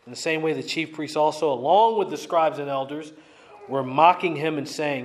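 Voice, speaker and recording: Emphatic preacher with a raised pitch. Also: male voice, normal speed, echoey room. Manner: emphatic, repeats key lines. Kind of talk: expository sermon.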